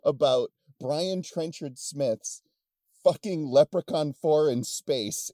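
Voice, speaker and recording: A man's voice: on the high side, slow pace, warm tone, no echo. A man co-hosting a podcast, joking and self-deprecating, swearing freely, close on the mic. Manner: jokey, self-deprecating, profane. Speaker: podcast co-host. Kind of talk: casual podcast banter.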